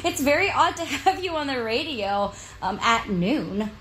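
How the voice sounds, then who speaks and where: A woman's voice: high-pitched, lively intonation, a little slow, a bit bright, slight background noise. A woman calling in to a radio show to say hello, cheerful and chatty. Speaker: listener calling in. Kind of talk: radio call-in greeting.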